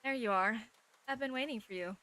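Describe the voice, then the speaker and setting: Woman reading as Nocturne, a calm witch. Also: a little high, fairly quick. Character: tall mysterious powerful woman witch.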